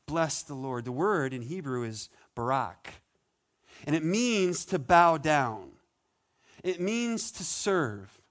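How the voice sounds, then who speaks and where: A man preaching a sermon as pastor, conversational and animated, with playful asides. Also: fairly high pitch, slow.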